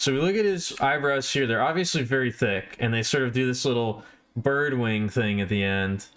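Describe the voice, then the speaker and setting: A man's voice: medium pitch, normal speed, a bit bright. A man livestreaming, rambling casually and poking fun at himself while chatting with his viewers.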